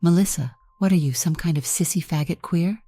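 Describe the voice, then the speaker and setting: A woman doing a gruff, furious storybook father. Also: fairly low pitch, brisk, warm tone, no room sound, voice pushed up, natural voice. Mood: angry. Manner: gruff, roaring, contemptuous. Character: stern, angry father, middle-aged man.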